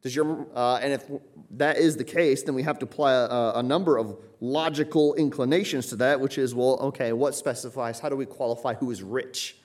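A man's voice: mid-range voice, steady tone, a little fast, darkish tone. A man preaching a teaching sermon from the United States, earnest and emphatic, often restarting his sentences. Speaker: pastor.

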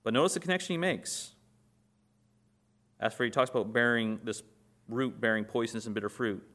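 A man's voice: mid-range voice, a little fast, pauses often, a bit bright. A man preaching a sermon, who asks his listeners questions, answers them himself and acts out short scenes in quoted voices.

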